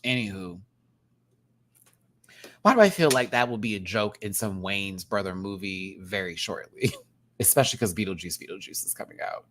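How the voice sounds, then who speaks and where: A man reviewing a drag competition show in a casual, campy rant, laughing often and swinging between loud outbursts and quiet asides. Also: lively intonation, moderate pace, long pauses, a little hiss or hum. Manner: big jumps in pitch and loudness. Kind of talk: casual commentary.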